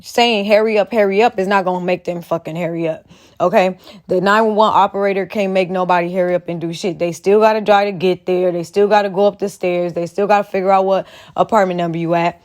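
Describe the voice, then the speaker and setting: Donna dalla voce acuta, schietta e scurrile, che commenta con foga. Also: female voice, on the high side. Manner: heated, blunt, profane, repetitive. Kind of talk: profane reaction commentary.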